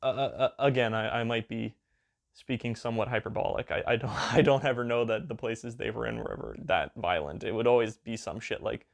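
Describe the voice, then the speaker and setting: A man rambles through a casual commentary, swearing and exaggerating for laughs. His voice sits at an ordinary middle pitch, and his talk is loose and full of fillers. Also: fairly quick, gravelly. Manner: crude, joking, hyperbolic, with lots of fillers. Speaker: video creator.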